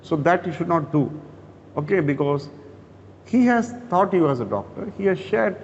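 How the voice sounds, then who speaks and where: A man's voice: a little high, lively intonation, moderate pace, slight background noise. A man with an Indian English accent giving a classroom lecture, talking conversationally, restarting phrases and checking in with "okay?". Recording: dull reverberant lecture hall.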